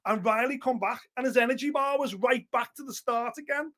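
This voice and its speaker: A man co-hosting a fight podcast, talking in an excitable, gushing way and swearing freely. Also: extremely high pitch, a little fast. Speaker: podcast co-host. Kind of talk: casual MMA chat.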